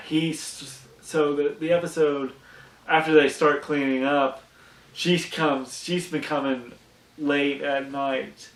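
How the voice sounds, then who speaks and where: A man on a podcast casually recapping a cartoon episode, rambling with many restarts. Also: mid-range voice. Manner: rambling, restarts a lot, acts out character quotes. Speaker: podcast co-host. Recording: echoey room, mic at a distance.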